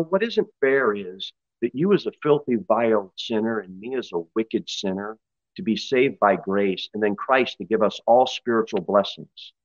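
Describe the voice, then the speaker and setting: A man's voice: fairly low pitch, no echo. Emphatic preaching man, dry lo-fi sound. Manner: emphatic preaching, acts out story voices. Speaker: pastor. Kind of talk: expository sermon. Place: church.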